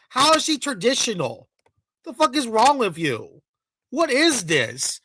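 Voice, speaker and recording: A man's voice: very high-pitched, very animated, unhurried, pushed and bright, slight background noise, poor audio. A man ranting in a heated, profane reaction commentary, full of mocking and sarcastic asides.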